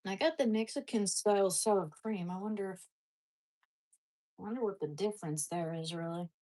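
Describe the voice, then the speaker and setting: A woman's voice: medium pitch, normal speed, warm tone. A woman vlogger in casual talk as she eats, chatting and talking fondly to her dogs between bites. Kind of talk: casual eating vlog.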